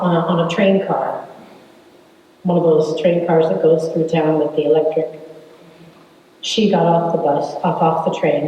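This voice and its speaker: A woman in her seventies telling her family's story to an audience, wry and unhurried, with dramatic pauses. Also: fairly low pitch, mellow. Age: 70s. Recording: echoey hall from far off.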